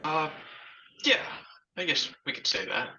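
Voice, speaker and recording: A man's voice: on the high side, very animated, unhurried, vocal fry, muffled recording, over music. A man playing a tabletop game who speaks as his character in a hesitant, subdued way. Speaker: player.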